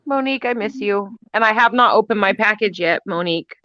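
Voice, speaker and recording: Bright teasing woman, dull dry mic. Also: mid-range voice, a little fast, no echo. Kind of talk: casual group chat.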